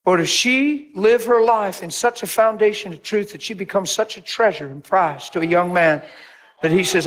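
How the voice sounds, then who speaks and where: A man preaching as a pastor, telling stories with lively acted-out voices and sudden drops to a near whisper. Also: normal speed. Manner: animated storytelling, acts out voices with big pitch jumps. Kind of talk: sermon.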